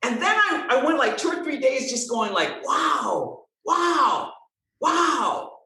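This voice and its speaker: A woman guest telling a story in an interview, animated and acting out the dialogue. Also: high-pitched, normal speed, distant mic, slight background noise. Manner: animated, expressive storyteller who acts out dialogue. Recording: roomy sound, from off-mic.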